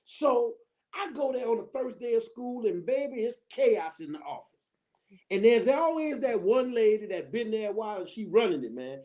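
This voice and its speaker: A middle-aged woman telling a story as a guest on a talk show, animated and laughing as she acts it out. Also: on the high side, moderate pace. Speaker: guest, former school counselor. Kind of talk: storytelling in casual chat.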